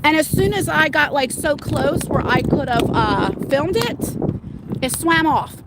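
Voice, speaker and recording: A middle-aged woman livestreaming from her phone on an outdoor walk, telling rambling, excitable stories to her viewers. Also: sits high, unhurried, very noisy. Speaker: livestream host. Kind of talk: casual live-stream chat. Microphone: phone held at arm's length.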